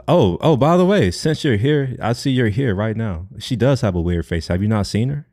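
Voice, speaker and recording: A man's voice: on the low side, animated, moderate pace, a little mellow. A young man chatting casually on a live stream, rambling and joking, with casual swearing.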